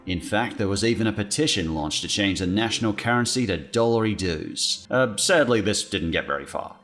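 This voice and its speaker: A man's voice: on the low side, lively intonation, normal speed, fairly bright tone, soft background music. An Australian man narrating a scripted video with wry, playful asides. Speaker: guest commentator.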